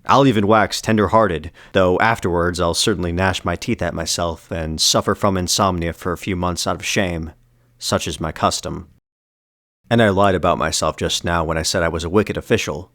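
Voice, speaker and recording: Man, very low voice, dry close sound, dramatic audiobook narration, measured and ironic. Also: fairly even intonation, fairly bright tone, no echo. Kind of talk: dramatic first-person audiobook reading.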